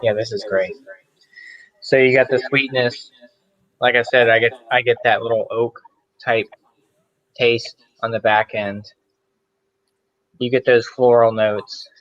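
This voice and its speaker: A man's voice: mid-range voice, fairly even intonation, a little slow, long pauses, fairly bright tone, no room sound, lo-fi sound. A man tasting beer and describing it in a rambling, casual way as a guest on a video call.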